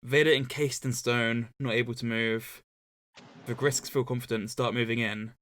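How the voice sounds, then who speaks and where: A man's voice: mid-range voice, steady tone, moderate pace, fairly bright tone. A man co-hosting a casual book-club podcast, recapping a novel's plot with dry, joking asides. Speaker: podcast co-host.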